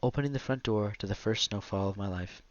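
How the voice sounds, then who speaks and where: A man narrating a literary audiobook in a measured, quiet, reflective delivery. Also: on the low side, no room sound, lo-fi sound.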